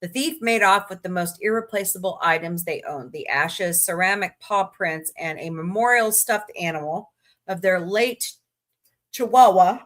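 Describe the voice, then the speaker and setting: A woman hosts a laid-back livestream in a lowish voice at normal speed. She talks with her viewers and reads good-news stories out loud with personal asides, sounding tired and yawning now and again.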